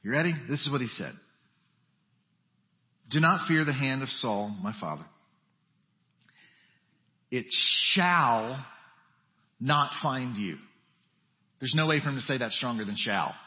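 A man's voice: mid-range voice, lively intonation, slow pace, long pauses. Preaching man in an echoing church. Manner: conversational preaching with wide swings from hushed to emphatic. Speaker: pastor. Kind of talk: sermon. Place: church sanctuary. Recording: dull audio with long church reverb.

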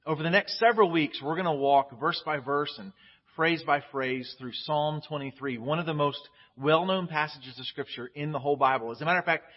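A man's voice: fairly high pitch, husky. Man, pastor, casual sermon voice, candid, muffled lo-fi recording. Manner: candid and chatty, frequent restarts. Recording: dull lo-fi audio.

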